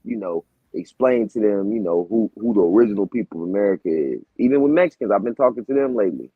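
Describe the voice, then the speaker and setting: Husky-voiced man in slangy casual chat. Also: lowish voice, animated, quick pace, dry recording. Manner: slangy, laid-back talk with laughs. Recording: dull, lo-fi dry audio.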